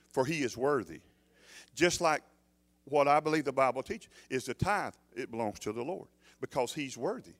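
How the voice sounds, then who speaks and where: A man's voice: mid-range voice, expressive, normal speed, a bit bright. A man preaching a sermon as pastor, emphatic, often putting questions to the congregation.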